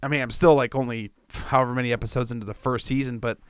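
A man's voice: mid-range voice, fairly even intonation, quick pace, clear, resonant tone, dry recording. A man in casual conversation, laughing often and teasing his friend. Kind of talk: casual chat.

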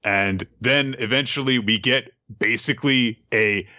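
A man's voice: medium pitch, measured pace, no room sound, highs cut off. A man co-hosting a podcast, casually recapping a manga chapter with lots of fillers and asides. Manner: animated, rambling, lots of fillers. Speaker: podcast co-host.

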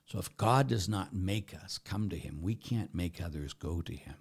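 Middle-aged male Catholic priest, lowish voice, emphatic preaching style with loud and soft swings. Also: animated, moderate pace, vocal fry, few pauses, slightly rough.

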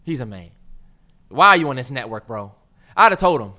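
A man's voice: medium pitch, brisk, pauses often. A man co-hosting a casual podcast, talking animatedly in bursts, cutting in over his co-host and putting on voices for effect. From United States. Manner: animated, talks over others, mock voices and yelling bursts.

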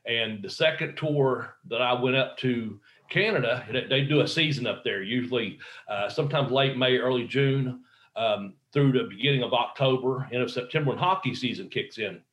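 A man's voice: mid-range voice, moderate pace, fairly bright tone. Rambling male wrestler telling stories. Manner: rambling, acts out quoted voices; frequent fillers and restarts. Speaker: professional wrestler guest. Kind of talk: casual anecdotal storytelling.

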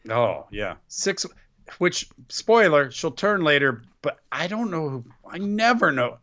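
A man's voice: a little high, very animated, a little slow, a bit bright. A man co-hosting a podcast, recapping wrestling shows in casual chat with a sarcastic, play-by-play manner. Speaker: podcast co-host. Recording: dull lo-fi podcast audio.

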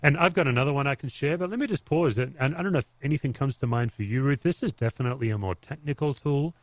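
A man's voice: medium pitch, fast talker, no room sound. A pastor talking on a podcast, telling candid, reflective stories from his own ministry in a conversational way.

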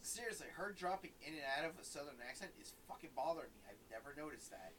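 A man with a fairly high voice who banters and teases in wry asides while a movie plays. His pitch is lively, and there is a faint hiss of noise behind him. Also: fast talker, rough recording. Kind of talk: casual movie-watching commentary.

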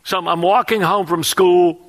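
Animated preacher man, slightly high voice. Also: moderate pace. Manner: animated storytelling, asks audience questions. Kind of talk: sermon.

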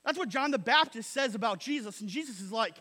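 A man's voice: extremely high pitch, lively intonation, fast, sharp tone. A male pastor preaching a sermon in an emphatic, casual way, repeating phrases and tagging lines with "right?". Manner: casual, slangy asides.

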